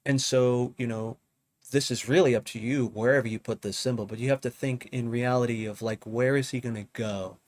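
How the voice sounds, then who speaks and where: A man's voice: medium pitch, a little fast. Laid-back male producer, talky tutorial delivery, mid-range voice, home studio. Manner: relaxed, thinking aloud, often asks "you know what I mean?". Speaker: music producer teaching drum programming. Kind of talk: casual live tutorial.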